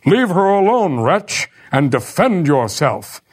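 A man's voice: high-pitched, big pitch swings, slow, voice pushed up, heavily acted. A man voicing an indignant elderly nobleman who challenges an intruder sternly.

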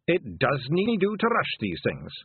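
A man voicing a small, brash male pixie warrior chief with a Scottish accent in a storybook, loud and blustering. The sound is tinny and dry. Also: a little high, huge pitch swings, normal speed, slightly rough, no echo, voice pushed up, exaggerated voice.

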